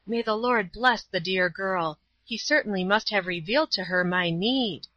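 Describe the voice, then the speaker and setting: A woman voicing a gentle, pious old woman who speaks calmly and tenderly in a storybook reading. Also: mid-range voice, moderate pace, dry recording, muffled recording, natural voice.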